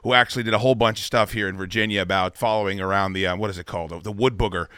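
A man's voice: fairly low pitch, steady tone, very fast, bright, forceful tone, clean tone, dry recording, clean studio sound. A man hosting a podcast, chatting casually with a guest, swearing and laughing easily. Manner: swearing, laughing, self-deprecating. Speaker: podcast host. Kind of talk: casual interview chat.

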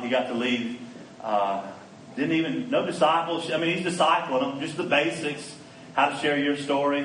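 A man giving a storytelling sermon as a conference speaker, animated and acting out the people in his stories. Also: mid-range voice. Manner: animated storyteller who acts out quoted lines. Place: conference hall. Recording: echoey hall, mic at a distance, faint background noise.

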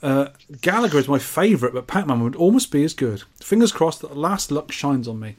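Dry, teasing man with a higher voice. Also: a little fast. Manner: dry, teasing, deadpan asides. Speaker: podcast co-host. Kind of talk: casual chat, reading listener mail.

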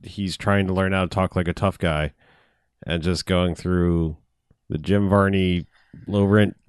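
A man's voice: low voice, steady tone, a little slow, clear, resonant tone, no echo, studio quality. A man co-hosting a casual podcast movie review, sarcastic and swearing freely. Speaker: podcast co-host.

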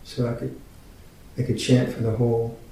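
A man in his sixties, a Buddhist teacher giving a dharma talk, halting and gently humorous. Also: monotone, creaky. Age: 60s. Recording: very echoey room, mic at a distance, faint rumble.

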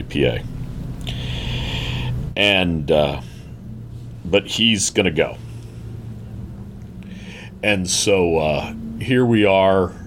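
A middle-aged man sitting at a table, reflectively telling a family story in a halting, heartfelt way with many fillers and restarts. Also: very deep voice, slight background noise. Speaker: guest. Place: seated at a table indoors.

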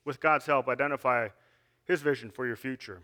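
A man's voice: mid-range voice, fairly even intonation, a little fast, bright, forceful tone. A man giving an earnest sermon, reading scripture and asking the listeners questions, with frequent restarts. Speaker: lay preacher.

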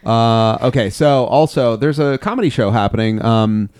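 A man's voice: medium pitch, lively intonation, normal speed, a little mellow, smooth, no echo, studio quality. A young man hosting a casual podcast, rambling loosely, swearing a lot and laughing often. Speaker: podcast host, comedian. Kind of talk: casual profane podcast chat.

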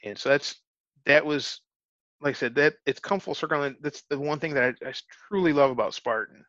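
Guy telling a story all earnest, keeps restarting his sentences, crisp tense voice, kinda muffled dry sound. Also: a little high, a little fast, dry recording. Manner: earnest, animated storyteller who restarts phrases. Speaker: interview guest. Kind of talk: casual storytelling. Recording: dull, dry lo-fi recording.

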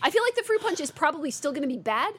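A woman co-hosting a podcast in casual chat, a little drunk, swearing freely and reacting fast. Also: high voice, big pitch swings, fairly bright tone. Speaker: podcast co-host.

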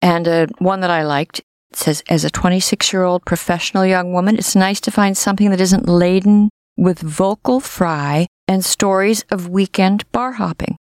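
A woman's voice: on the low side, fairly even intonation, moderate pace, darkish tone, no room sound, studio quality. An older woman co-hosting a podcast, chatting casually with wry, self-mocking humor. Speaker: podcast co-host. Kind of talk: casual chat.

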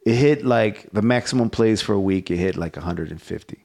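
A man's voice: on the low side, fairly quick, creaky, a little mellow. A man hosting a podcast in casual chat, rambling and swearing freely as he tells a story, with laughs along the way. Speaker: podcast host.

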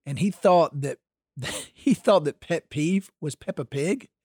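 A man's voice: a little high, slow, husky, no echo, clean studio sound. A man co-hosting a podcast, telling stories in casual banter and laughing often. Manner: animated storyteller, laughs often. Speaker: podcast co-host.

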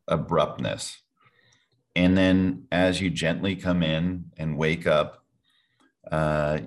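A man answering as a podcast guest, energetically walking the listener through his daily routine step by step. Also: rumbling low. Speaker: product formulator.

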